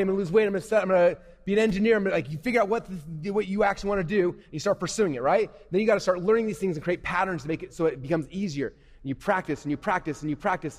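Man, motivational speaker, fast, echoey hall, energetic and repetitive. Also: sits high. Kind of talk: live motivational talk to youth. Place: stage at a live event.

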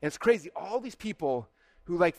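A man giving a conference keynote, telling stories in an animated way, acting out dialogue and saying "like" often. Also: high-pitched, a little fast, dry recording. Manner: animated, acts out dialogue, frequent "like". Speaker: keynote speaker. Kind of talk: storytelling keynote. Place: conference stage.

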